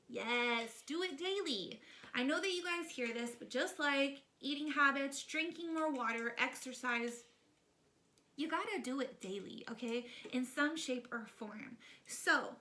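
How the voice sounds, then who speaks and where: Female vlog host, animated and emphatic, bright crisp tone, casual advice. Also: high-pitched. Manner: emphatic, chatty, often adds "okay?"; lively and animated. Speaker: parenting book-club host.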